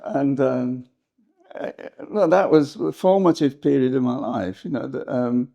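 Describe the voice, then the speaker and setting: Older English man with gravelly voice. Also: medium pitch, unhurried, mellow, dull audio. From England. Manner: rambling, hesitant, laughs often. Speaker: historian guest. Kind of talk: reminiscing interview talk.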